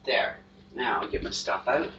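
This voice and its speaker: A man's voice: mid-range voice, normal speed, heavy background noise. Chatty man on dull lo-fi audio. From eastern Canada. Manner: chatty, rambling, laughs easily. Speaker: tarot reader hosting a livestream. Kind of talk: casual livestream chat with viewers.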